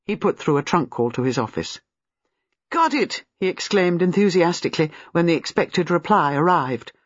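A narrator reading a novel aloud in a measured, expressive way. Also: mid-range voice, no room sound, muffled recording. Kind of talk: audiobook narration.

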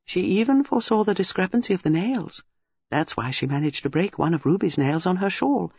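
Man doing a quiet shrewd elderly lady detective, mild, measured, husky, dull lo-fi audio. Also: sits high, animated, dry recording, exaggerated voice. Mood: quietly explaining. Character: shrewd elderly spinster sleuth, gentle and quiet. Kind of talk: audiobook character voice.

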